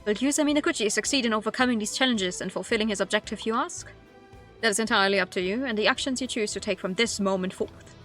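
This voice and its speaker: A woman's voice: mid-range voice, quick pace, fairly bright tone, soft background music, natural voice. A woman reading the lines of a polite, ceremonious announcer figure in a game. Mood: formal. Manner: formal, ceremonious. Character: formal mysterious announcer, polite and grand.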